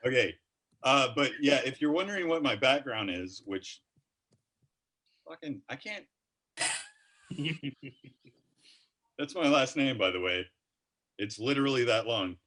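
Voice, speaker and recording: A man's voice: medium pitch, lively intonation, a little slow, pauses often, a bit bright. A man doing a rambling, profane comedy roast set with jokey asides.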